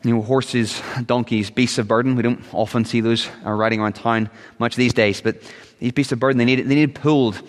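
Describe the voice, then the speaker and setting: A man's voice: medium pitch, steady tone, a little fast. A man preaching a sermon as pastor, earnest and at times rising into urgent, pleading appeals. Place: church sanctuary. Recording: long reverb of a church hall.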